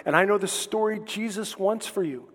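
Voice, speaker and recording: High-voiced impassioned preacher in echoey hall. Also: male voice, normal speed. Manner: impassioned, repetitive exhortations that build and then soften into prayer. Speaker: pastor. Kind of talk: sermon.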